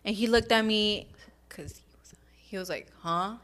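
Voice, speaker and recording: A woman's voice: mid-range voice, normal speed, a bit bright. A young woman chatting as a podcast guest, telling a family story, voicing her parents in Spanish and dropping to a whisper at times. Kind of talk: casual chat.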